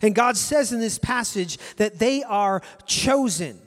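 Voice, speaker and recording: Guy pastor preaching, high voice, repeats lines for emphasis, long echo in a church hall. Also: lively intonation, measured pace. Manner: earnest, repeats key phrases for emphasis. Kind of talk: sermon.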